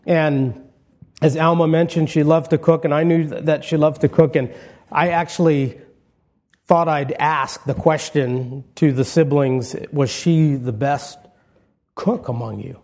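A man with a fairly high but mellow, soft-edged voice, preaching a funeral sermon from a church. He tells anecdotes in a relaxed, conversational way, often restarting his sentences, and brings in light humor. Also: unhurried. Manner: conversational storytelling with warm humor and frequent restarts. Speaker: pastor. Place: church sanctuary.

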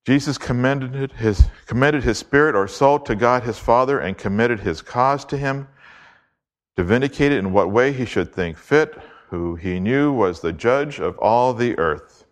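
A man preaching an expository sermon, reading scripture aloud and slowing down to stress key words. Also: medium pitch. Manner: emphatic, deliberate, slows to stress key words.

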